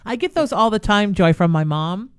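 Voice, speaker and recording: A woman's voice: mid-range voice, expressive, normal speed, clear, resonant tone, dry recording, studio quality. A woman hosting a radio talk show, chatting in a casual, reassuring way. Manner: reassuring, friendly.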